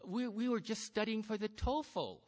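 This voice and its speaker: A man's voice: high-pitched, moderate pace, long reverb tail, voice pushed up, close to an everyday voice. A man voicing a flustered young woman student who stammers and hurries her words.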